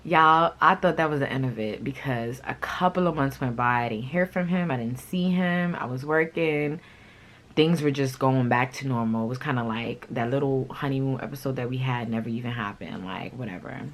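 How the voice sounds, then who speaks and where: A woman vlogger telling a personal story in a casual, blunt, animated way, swearing freely. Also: extremely low pitch, normal speed, rough recording.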